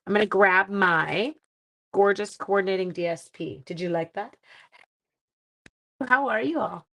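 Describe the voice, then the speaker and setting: A woman's voice: mid-range voice, unhurried, fairly bright tone. A woman hosting a casual live-stream card-making demo, chatty and self-deprecating, thinking aloud as she works and talking to her viewers. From Canada.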